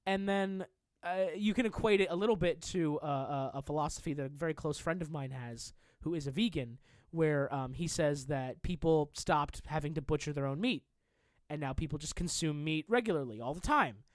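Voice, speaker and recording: Young male podcast co-host, high voice, animated sweary chat. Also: moderate pace, no room sound. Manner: animated, swearing, mocking asides. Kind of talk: casual chat.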